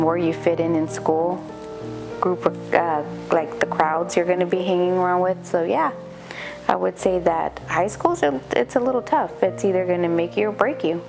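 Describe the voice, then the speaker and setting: A middle-aged woman giving a candid, reflective documentary interview, halting now and then with fillers. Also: fairly low pitch, steady tone, vocal fry, music in the background. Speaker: interviewee, mother recalling teen pregnancy.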